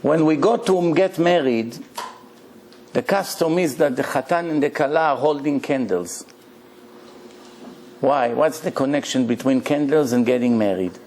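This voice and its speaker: A man's voice: mid-range voice, measured pace, darkish tone, a little hiss or hum. A male rabbi giving a Torah lecture, telling stories animatedly and asking the audience rhetorical questions, in English that is not his first language. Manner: non-native English grammar.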